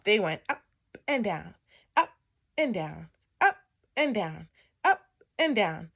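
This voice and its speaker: A woman reading a children's picture book aloud, expressive and playful, acting out sound effects. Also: medium pitch, slow, vocal fry, husky. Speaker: storytime reader.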